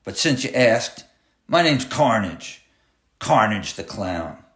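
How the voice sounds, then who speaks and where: A man's voice: fairly low pitch, sing-song, slow, fairly bright tone, exaggerated voice. A man voicing a cruel, taunting male clown who drives a school bus, barking orders in a sneering way. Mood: menacing. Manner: sneering, bossy, barking threats. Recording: roomy echoey room.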